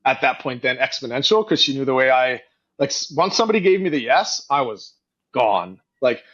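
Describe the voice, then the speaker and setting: Animated storytelling man, lo-fi sound. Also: mid-range voice, fairly quick. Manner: animated storyteller, acts out quoted voices, frequent "like". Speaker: guest, company co-founder and CEO. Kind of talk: casual podcast storytelling.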